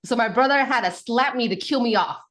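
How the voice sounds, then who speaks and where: A woman, a guest on a talk show, telling a childhood story in a casual, animated way with lots of fillers and restarts. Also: fairly high pitch, fast. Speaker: podcast guest, mother.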